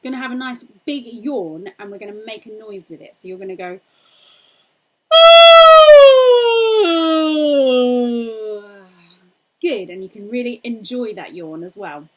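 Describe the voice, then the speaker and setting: A young woman singing teacher leading a cheerful, encouraging warm-up lesson, demonstrating vocal exercises. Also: medium pitch, a little fast, few pauses.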